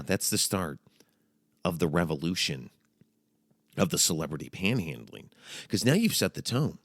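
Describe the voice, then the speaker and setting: Deep-voiced man in a jokey mock-dramatic monologue. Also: a bit bright, dry recording, clean studio sound. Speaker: podcast host. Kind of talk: casual comedic monologue.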